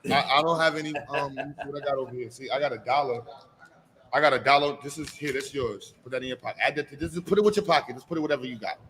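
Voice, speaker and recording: A man's voice: mid-range voice, rapid-fire, a bit bright. Upbeat man hyping up a kid. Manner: coaxing, playful, hype call-outs. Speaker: event host. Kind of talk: energetic live event hosting. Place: live expo event.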